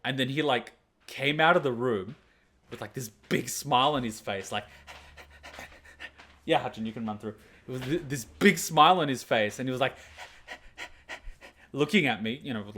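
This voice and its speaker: A man's voice: mid-range voice, moderate pace, sharp tone, a little hiss or hum. A young man, a reaction channel host, telling a long, rambling, profane story in casual chat and laughing often. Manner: rambling, profane, laughs a lot, acts out voices.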